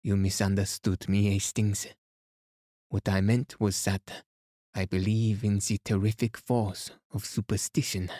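A man reading aloud as a fastidious elderly detective, speaking gently and gravely. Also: on the low side, little pitch movement, no echo, studio quality. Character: fastidious elderly male detective, calm and placid.

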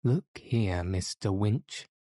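A man's voice: fairly low pitch, expressive, slow pace, dark tone, no echo, studio quality. A man voicing a nervous young clerk who talks hesitantly and apologetically. It is a character voice in an audiobook reading. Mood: flustered.

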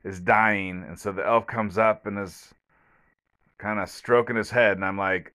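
A man with a somewhat low voice talks alone into his podcast from home. He rambles with many fillers and restarts, in a blunt, sarcastic way of commenting. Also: steady tone, moderate pace, pushed and bright. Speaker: podcast host. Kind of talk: solo podcast review.

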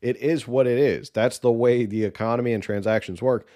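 A man's voice: medium pitch, steady tone, fairly quick, dark tone. A man hosting a political podcast, giving casual, opinionated commentary with sarcasm and exasperation.

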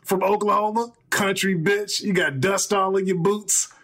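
A man's voice: high voice, fairly even intonation, normal speed, a bit bright. A male podcast co-host taunting a caller with jeering questions and laughter.

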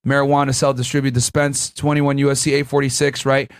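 A man, a former prosecutor, giving casual, profane, animated commentary while reacting to a crime documentary. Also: mid-range voice, fast talker, creaky, clear, resonant tone. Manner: animated, profane, laughing asides.

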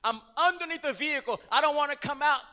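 Middle-aged male pastor from Puerto Rico, very high tenor, fiery storyteller, long church reverb. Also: fast. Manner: dramatic storytelling, acting out scenes, rising to shouts. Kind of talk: sermon.

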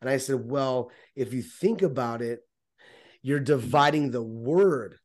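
A man in a casual faith discussion, talking haltingly with many restarts and repeated words. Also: mid-range voice, darkish tone. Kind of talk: casual chat.

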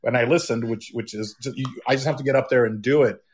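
A man's voice: medium pitch, fairly even intonation. A male guest chatting casually, telling stories with frequent restarts and stumbles. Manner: halting, many restarts when telling stories. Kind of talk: casual chat.

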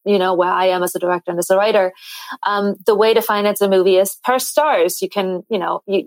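A woman actress and director, talking at length in an animated, chatty way as a podcast guest. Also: medium pitch, dry recording, poor audio. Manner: animated, talkative, many fillers and restarts. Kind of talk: casual interview chat.

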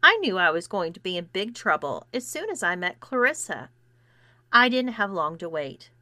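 Woman reading a story out loud, bright voice, dry close mic, acts out all the lines. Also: animated, moderate pace, no room sound. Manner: acts out dialogue with shifting pitch and loudness. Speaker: erotica podcast reader. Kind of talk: scripted fiction narration.

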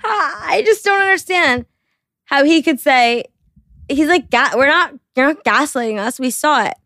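A woman's voice: high-pitched, animated, a little slow, sharp tone, no echo, clean studio sound. A young adult woman co-hosting a casual chat podcast, mocking and profane, laughing often. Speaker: podcast co-host.

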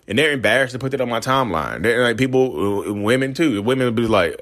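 A man's voice: mid-range voice, expressive, fast, hardly any pauses, fairly bright tone. A man ranting in a casual monologue, rambling and repeating himself as he acts out quoted voices. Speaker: self-aware narcissist vlogger.

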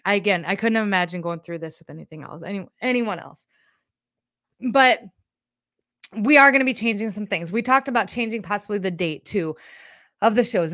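Hosting a live stream of her podcast, a woman rambles casually and openly, her emotions showing as she gets a little shaken and teary. Her mid-range voice has a fairly bright tone, and the dry recording offers clean studio sound.

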